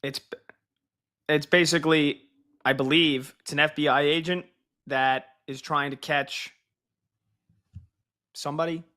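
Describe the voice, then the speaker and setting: A man's voice: on the high side, fairly even intonation, measured pace, long pauses, pushed and bright. A man co-hosting a sports radio show, chatting and joking in casual banter.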